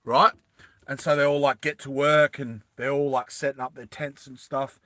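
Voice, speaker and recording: Rambling bright-voiced man spinning a story. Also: mid-range voice, level tone, dry recording. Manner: rambling, loose, full of fillers and restarts; acts out characters' lines in quick bursts. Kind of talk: improvised storytelling to an audience.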